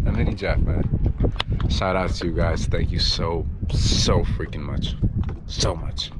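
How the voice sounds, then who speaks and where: A young man vlogging casually aboard his small sailboat, swearing freely with bursts of excitement. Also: low voice, a little slow. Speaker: solo sailor vlogger. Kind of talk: casual vlog narration. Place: aboard a small sailboat, engine bay and open deck. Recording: noisy outdoor boat audio.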